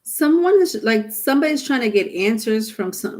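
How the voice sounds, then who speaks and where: A woman's voice: on the high side, very animated, moderate pace, darkish tone. A woman giving a live-streamed tarot reading, rambling with many fillers and restarts. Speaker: tarot reader.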